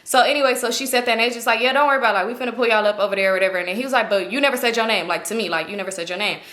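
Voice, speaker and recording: Young woman vlogger, casual storytime, profane, acts out quotes; tense bright voice. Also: on the high side, rapid-fire.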